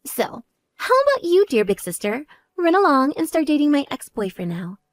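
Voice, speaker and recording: A woman's voice: big pitch swings, moderate pace, no room sound, studio quality. Woman voicing a bratty vain young woman. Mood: boastful. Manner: mocking, shrill, demanding.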